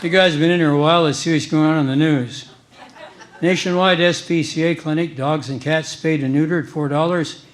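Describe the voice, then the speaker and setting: A man doing stand-up comedy on stage, delivering jokes with a deadpan punchline style. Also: a little high, a little fast, some chatter behind.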